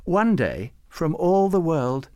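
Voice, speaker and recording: A man reading a story aloud as narrator in a gentle, expressive way. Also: a little high, slow.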